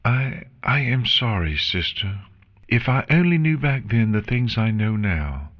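Guy doing a raised-pitch pony princess voice, formal and earnest, emotional. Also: very animated, unhurried, a bit bright. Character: formal, remorseful pony princess of the night, woman. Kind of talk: fan fiction reading.

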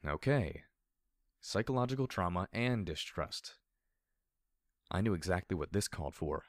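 A man reading a first-person story aloud in a steady, low-key narration. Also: normal speed, no echo, studio quality. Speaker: audiobook narrator.

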